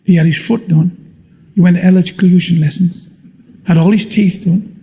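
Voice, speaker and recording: A man's voice: high voice, moderate pace. A man doing crude stand-up in an echoing hall. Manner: blunt, swearing, deadpan punchlines. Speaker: stand-up comedian. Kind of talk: crude stand-up comedy routine. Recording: live show in a long-reverb hall.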